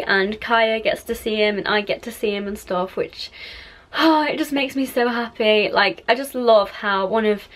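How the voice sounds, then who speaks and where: A young woman chats through a casual vlog recap. She rambles and loops back on herself, leaning on plenty of fillers. Her voice sits at an ordinary middle pitch. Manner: rambling, chatty, many fillers. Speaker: vlogger.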